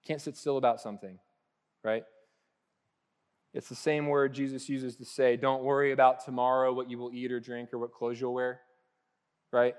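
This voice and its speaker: A man in his thirties preaching in an easygoing, conversational way at a medium pitch. He jumps into quick acted-out voices and then drops to a soft, gentle hush. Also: clear, resonant tone. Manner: casual and animated, acting out little voices, with laughs and soft hushed asides. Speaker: pastor. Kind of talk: conversational sermon.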